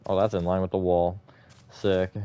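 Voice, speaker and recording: A man's voice: sits low, flat delivery, normal speed, mellow, clean tone. A man hosting a live stream, chatting casually with viewers in a rambling, self-correcting way and laughing often.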